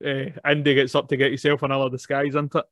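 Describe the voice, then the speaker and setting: A man's voice: medium pitch, monotone, quick pace, fairly bright tone, no echo, clean studio sound. A man, chatting casually about a film, laughing often as he recaps scenes. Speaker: podcast co-host.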